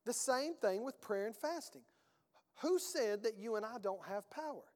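A man's voice: high-pitched, animated, moderate pace, in a large hall. A male pastor preaching a sermon in a conversational, emphatic way, with rhetorical questions and folksy phrasing.

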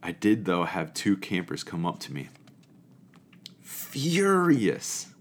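A man with a low, deep voice tells a story from his camp counselor days. He is animated and expressive, then shifts into reflective spiritual musing. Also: slow. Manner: animated and expressive, acting out quoted people. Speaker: storyteller sharing a camp memory.

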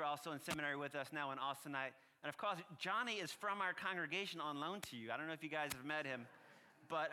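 Bright-voiced priest with a New Orleans accent. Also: male voice, fairly high pitch. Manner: chatty and earnest, slow prayerful cadence. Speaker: guest priest. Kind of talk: sermon. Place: church sanctuary. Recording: long reverb from a church hall.

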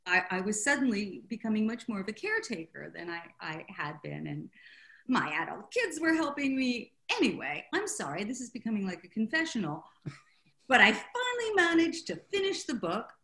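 Chatty, animated older woman author. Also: a little high, moderate pace. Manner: chatty, animated, self-deprecating, laughing often. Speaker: author guest. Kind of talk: interview storytelling.

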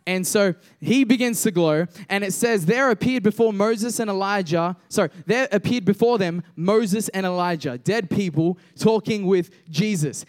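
High-voiced young man preaching casually. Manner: conversational, jokes with congregation, builds to emphatic slow declarations. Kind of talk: casual sermon with scripture reading.

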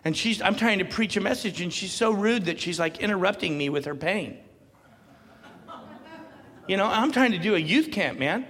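High-voiced preacher in an echoing hall. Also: male voice, animated, normal speed, pauses often. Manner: builds to loud emphatic preaching, laughs often. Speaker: pastor. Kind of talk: sermon.

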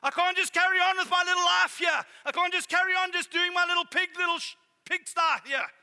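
A man preaching a sermon in an animated, exclaiming way, sometimes running short of breath. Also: very high voice, a little fast. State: out of breath at times. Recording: reverberant hall.

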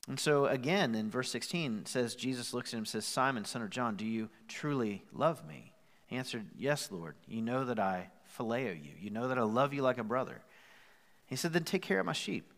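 Impassioned preacher in a reverberant hall. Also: male voice, expressive, brisk, fairly bright tone. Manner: impassioned, rising in pitch and volume as he presses his point. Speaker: pastor. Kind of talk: sermon.

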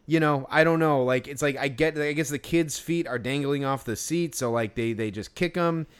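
A man's voice: a little high, normal speed, clear, resonant tone. A man telling a story in casual chat, rambling with many fillers and restarts. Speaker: podcast co-host.

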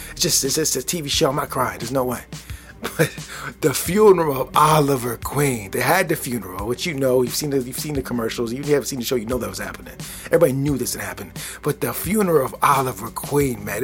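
A man in his forties hosting a solo podcast late at night, tired and relaxed, talking earnestly and repeating his words often as he rambles. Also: medium pitch. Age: 40s. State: tired, bedtime voice. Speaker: podcast host. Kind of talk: casual solo podcast talk. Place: at home, relaxed. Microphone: podcast microphone.

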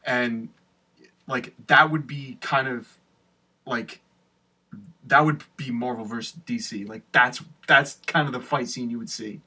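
A man's voice: medium pitch, steady tone, unhurried, pauses often, pushed and bright, slightly rough, far from the mic. A young man in casual chat, enthusing loosely with swearing and repeated words.

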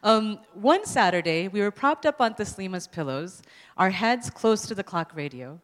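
A woman author reading her own story aloud at a public event, expressive and amused. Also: mid-range voice, moderate pace. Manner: expressive, amused, laughs between lines. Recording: long hall reverb.

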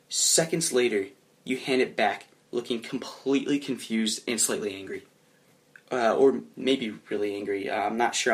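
A young man narrating his character's actions in a comedic tabletop role-play, chuckling as he goes. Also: fairly low pitch. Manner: animated, chuckling, drops into quick voiced asides.

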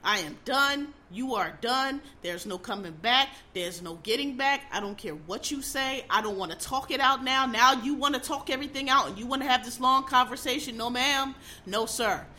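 A woman's voice: high voice, normal speed, few pauses, sharp tone. A middle-aged woman ranting casually as a host, blunt, profane and exasperated, hammering her points by repeating them. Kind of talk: casual opinion rant.

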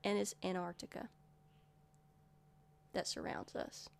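A woman's voice: fairly low pitch, very animated, slow pace, creaky. A woman, chatting casually and rambling as she loses her words, laughing often. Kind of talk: casual chat.

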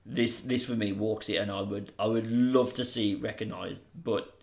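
A man's voice: on the low side, steady tone, moderate pace, creaky. A man co-hosting a casual podcast chat, jokey and self-mocking, laughing often. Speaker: podcast co-host.

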